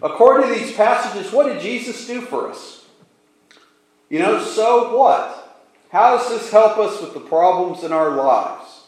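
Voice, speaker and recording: A man preaching a sermon slowly and deliberately, pausing for emphasis. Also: high-pitched, expressive. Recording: very echoey room.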